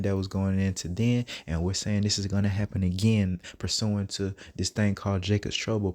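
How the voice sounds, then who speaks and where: A self-taught Bible teacher with a deep, slightly mellow voice reads verses aloud. He then riffs on them in casual commentary, using profane, streetwise talk.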